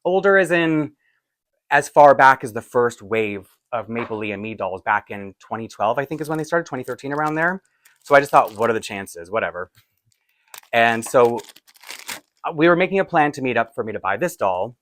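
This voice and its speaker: A man chatting excitedly about his collection, rambling, laughing and correcting himself as he goes. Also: medium pitch, brisk, a little hiss or hum. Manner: rambling, laughs often, restarts and asides. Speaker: doll collector vlogger. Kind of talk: excited casual unboxing chat.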